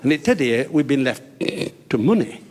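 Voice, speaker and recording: A man playing a simple Barnsley man with a slight speech defect, halting and repeating words. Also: mid-range voice, very animated, darkish tone, natural voice. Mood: eager.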